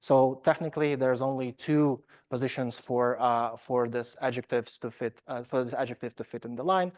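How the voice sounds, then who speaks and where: Lecturing to an academic audience, this man has a medium pitch, a moderate pace and a somewhat dark tone. His delivery is halting, with frequent fillers and false starts, and he pokes fun at himself along the way.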